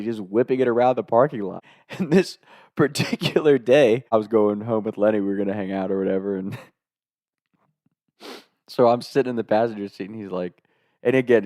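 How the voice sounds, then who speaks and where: A man's voice: mid-range voice, brisk, dark tone, dry recording, studio quality. A young man telling a casual, comic anecdote, laughing often through his own story and swearing freely.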